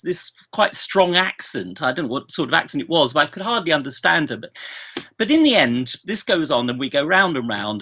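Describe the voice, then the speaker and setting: A man's voice: a little high, sharp tone, lo-fi sound. A middle-aged man, a guest on a podcast, telling family anecdotes in a rambling way with many restarts. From England. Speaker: guest, bereaved father. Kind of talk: remote podcast interview.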